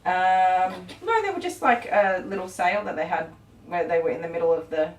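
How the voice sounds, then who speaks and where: A woman's voice: on the low side, animated, normal speed, distant mic, soft background music. A middle-aged woman, hosting a casual live stream as a dog groomer, rambling and chatty with many ums and laughs. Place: grooming salon. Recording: roomy, from off the mic.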